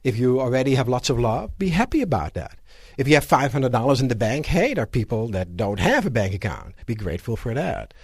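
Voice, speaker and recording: A man giving a live motivational seminar lecture to an audience in a room, animated and asking rhetorical questions. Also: mid-range voice, fairly quick, hardly any pauses, husky, no room sound, studio quality. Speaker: seminar speaker.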